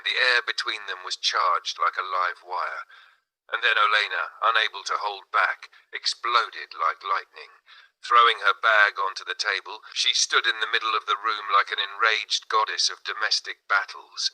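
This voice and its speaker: A man narrates a spiritual novel in a measured, dramatic read. His voice is lowish with a notably bright, tense edge. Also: low-quality recording. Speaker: audiobook narrator. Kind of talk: scripted narration.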